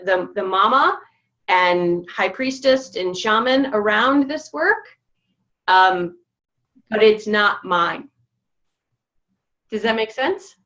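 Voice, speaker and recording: A woman sharing her feelings over a group video call, halting and reflective with many pauses and restarts. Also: mid-range voice, a bit bright, lo-fi sound. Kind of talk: casual personal sharing.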